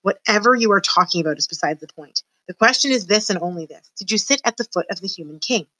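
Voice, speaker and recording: A solemn older male mouse presiding over a trial, as a woman reading a story puts him on, formal and commanding in every phrase. His voice stays crisp and bright, with a dry, close sound. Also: medium pitch, lively intonation, fast, dry recording, low-quality recording. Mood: stern.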